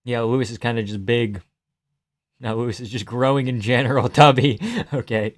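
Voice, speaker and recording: A young man hosting a livestream, reacting to a fight with casual, profane commentary, yelling advice at the fighters and laughing often. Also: medium pitch, moderate pace. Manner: excitable, profane, yells at fighters, frequent laughs. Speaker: livestream host.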